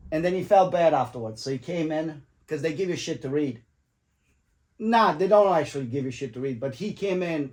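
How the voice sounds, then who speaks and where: A man's voice: fairly high pitch, darkish tone. A man, telling a long personal story in a loose, chatty way. He swears freely and acts out what each person said, laughing at his own jokes as he goes. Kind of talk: casual storytelling.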